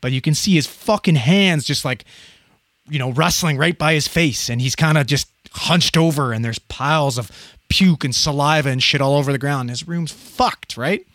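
Profane, animated paramedic telling a story. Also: male voice, on the high side, moderate pace, no room sound, clean studio sound. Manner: profane, animated, acts out quoted voices. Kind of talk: casual storytelling.

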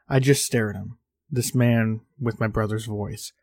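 A man hosting a podcast, narrating a horror story in a measured reading with small slips. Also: on the low side, fairly even intonation, a little mellow, no room sound, clean studio sound.

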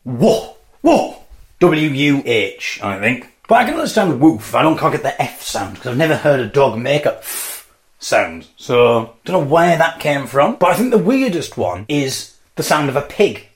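A man's voice: mid-range voice, very animated, normal speed. A man hosting a podcast alone, musing in a wry, playful way and acting out mock debates. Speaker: podcast host. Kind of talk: solo comic musing.

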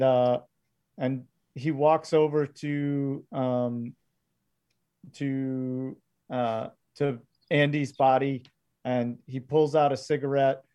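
Slow, mellow-voiced male game master. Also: mid-range voice, flat delivery. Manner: halting, filler-heavy narration. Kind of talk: narrating a tabletop game.

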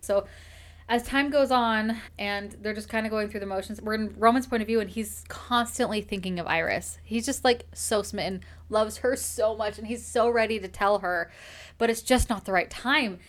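A woman's voice: medium pitch, normal speed. A woman host casually recapping a novel chapter by chapter, gushing and laughing often as she talks. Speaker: book podcast host.

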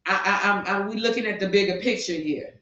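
A woman's voice: medium pitch, fairly quick, sharp tone. Woman w/ going off on a rant, roomy echo, kinda far from the mic and muffled. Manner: passionate, ranting, asks pointed rhetorical questions. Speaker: podcast co-host. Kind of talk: heated opinion talk. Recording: distant, echoey, dull lo-fi sound.

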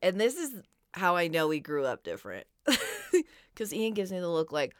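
A woman's voice: lowish voice, no room sound, clean studio sound. A woman co-hosting a podcast, telling a story in blunt, profane, casual chat. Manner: lively, blunt and profane, quick to laugh. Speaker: podcast co-host.

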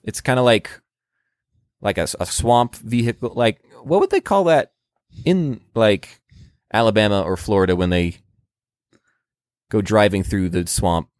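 A man's voice: fairly low pitch, measured pace, pauses often, no echo, clean studio sound. A man co-hosting a podcast, telling rambling jokey stories in casual chat. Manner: joking, rambling storyteller. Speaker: podcast co-host.

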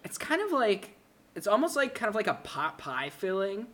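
A man's voice: high-pitched, very animated, moderate pace, fairly bright tone. Joking young man from Minnesota. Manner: jokey, mocks a folksy upper-Midwest twang. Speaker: podcast co-host. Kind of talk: casual chat.

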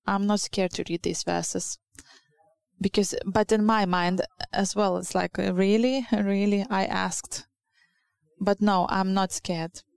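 Female preacher, English. Unhurried delivery, some fry, earnest and halting sermon. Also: medium pitch, level tone, no echo. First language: Lithuanian.

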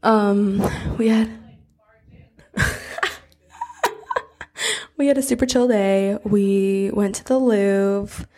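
A woman's voice: mid-range voice, steady tone, extremely slow, long pauses, dark tone. A woman of twenty-three with an American accent, co-hosting a podcast in casual chat from a hotel bathroom. She is chatty and giggly, and she rambles through her stories. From United States. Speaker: podcast co-host. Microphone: portable travel mic.

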